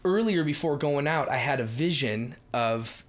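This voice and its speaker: A middle-aged man from Minnesota, telling ministry stories in a lively, emphatic way as a podcast guest. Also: medium pitch. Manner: lively, emphatic, quick shifts in loudness. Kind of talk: animated storytelling in a podcast chat.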